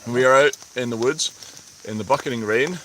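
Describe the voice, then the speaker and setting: A man's voice: mid-range voice, a little fast, pushed and bright, poor audio. A man chatting casually and a little tipsily on a live stream under a tarp in a rainy forest at night. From Scotland. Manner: chatty, tipsy and laughing easily. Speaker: vlogger. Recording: faint rain noise outdoors. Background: rain on the tarp.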